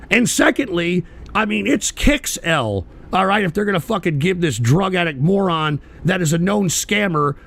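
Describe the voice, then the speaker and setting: Profane show host yelling at his chat, high voice all over the place. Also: gravelly. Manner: profane, combative, shouting bursts. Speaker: livestream radio show host. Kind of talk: angry ranting commentary, reading chat.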